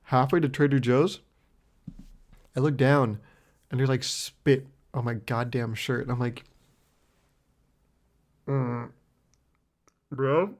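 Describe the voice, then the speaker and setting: A young man talks alone on his podcast, laughing at himself as he rambles through a story. His voice sits at a middling pitch, and his talk is loose and profane. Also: fairly even intonation, measured pace, pauses often. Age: 20s. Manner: rambling, self-mocking, laughs often, swears freely. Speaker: podcast host. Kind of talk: solo comedic storytelling.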